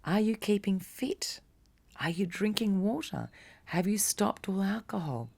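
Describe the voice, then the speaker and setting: A woman's voice: medium pitch, unhurried, gravelly, a little mellow. A woman teaching about coping with crisis in a casual, encouraging talk, speaking straight to the listener and sometimes dropping to a whisper. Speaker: meditation teacher.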